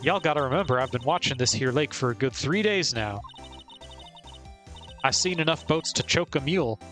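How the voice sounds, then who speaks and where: A man voicing a brash, folksy Southern woman photographer in a game, with a put-on drawl and a loud, bossy way of talking. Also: mid-range voice, lively intonation, moderate pace, soft background music, lightly acted. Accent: put-on American Southern drawl.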